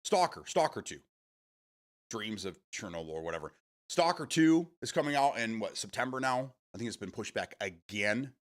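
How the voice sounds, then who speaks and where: A man's voice: on the low side, animated, normal speed. A middle-aged man, hosting a casual live stream, rambling and chatty with self-amused laughs. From Michigan, USA. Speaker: streamer host.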